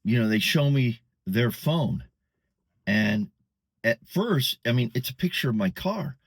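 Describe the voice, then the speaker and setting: A man's voice: medium pitch, animated, unhurried, dry recording, studio quality. An older man telling a story in a casual, rambling way, full of fillers and restarts, recorded outdoors in a parking lot. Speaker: vlogger.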